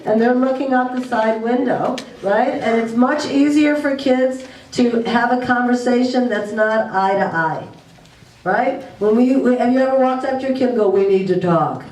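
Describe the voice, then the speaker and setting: A woman's voice: high voice, darkish tone, slight background noise. A woman giving a presentation to parents, offering earnest advice and checking in with tag questions. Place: school room, recorded from afar. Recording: echoey room, distant mic.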